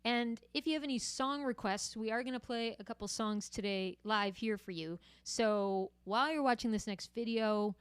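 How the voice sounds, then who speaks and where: Smooth-voiced woman chatting to viewers. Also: on the high side, normal speed, few pauses, no room sound, clean studio sound. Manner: chatty and friendly, with frequent fillers. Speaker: musician hosting a livestream. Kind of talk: casual livestream chat to viewers.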